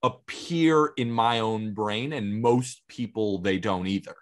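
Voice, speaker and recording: A man's voice: lowish voice, takes it slowly. Blunt man chatting on a podcast. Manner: blunt, emphatic. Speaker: podcast co-host. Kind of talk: casual chat.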